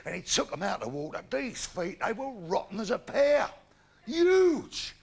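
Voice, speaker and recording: A man's voice: sits high, very animated, normal speed. A man in his fifties with a London Cockney accent telling bawdy jokes in live stand-up, acting out the people in his stories in changing voices. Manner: gravelly, bawdy, acts out characters in shifting voices. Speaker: stand-up comedian. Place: theatre stage with live audience. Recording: live theatre recording with audience laughter.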